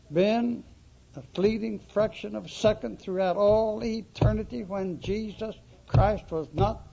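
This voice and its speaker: Man, preacher, sermon, emphatic, dull lo-fi recording, high-pitched. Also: gravelly, darkish tone. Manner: emphatic, slow, dramatic repetition.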